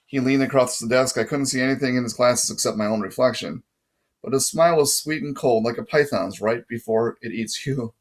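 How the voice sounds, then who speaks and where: A man's voice: mid-range voice, a little fast. A man narrating a first-person story in a plain reading voice, now and then correcting his own slips. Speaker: audiobook reader.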